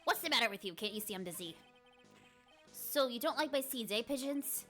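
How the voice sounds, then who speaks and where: A woman voicing a grouchy, scolding old man as she reads video game dialogue aloud in a gruff, indignant rant. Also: high-pitched, fairly even intonation, normal speed, faint music behind, pitched above the performer's own voice, close to an everyday voice.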